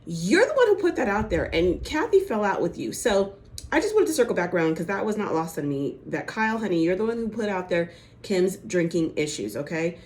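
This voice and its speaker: A woman's voice: lowish voice, very animated, brisk, darkish tone. A woman giving a casual, chatty recap of a TV episode, full of "like" and "you know" and acting out the quotes. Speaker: reality TV recap host.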